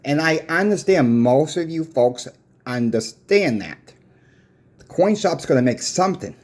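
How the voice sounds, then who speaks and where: A man's voice: fairly high pitch, big pitch swings, a little slow. A man who runs a coin shop, casually retelling an argument with a customer in a folksy, plain-spoken way, full of repeated "I said" tags. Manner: retells a dispute with many "I said" and "I says" tags. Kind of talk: casual storytelling vlog.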